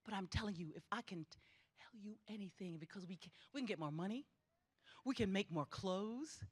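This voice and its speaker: With a medium-pitched, husky voice and a brisk pace, a middle-aged woman gives a lively commencement speech from a theatre stage. As the ceremony's speaker, she falls into an emphatic preaching cadence and repeats her exhortations.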